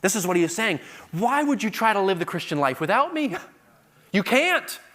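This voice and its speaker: Middle-aged man preaching in a large hall, slightly high voice, builds to loud emphatic passages. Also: big pitch swings, normal speed. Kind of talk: sermon.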